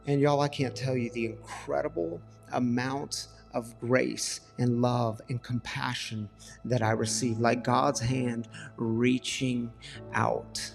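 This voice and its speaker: Passionate pastor, middle-aged, raspy edge to a higher voice, faint music bed. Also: male voice, unhurried, long reverb tail. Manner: passionate, rising to emphatic repeated questions and dropping to soft confessional tones. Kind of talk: sermon.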